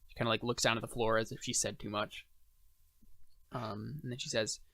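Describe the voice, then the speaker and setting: Game master: a man, casual and halting, dry close sound. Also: mid-range voice, little pitch movement, vocal fry, bright, forceful tone, no room sound. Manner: casual, hesitant with many fillers. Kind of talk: narrating a tabletop game.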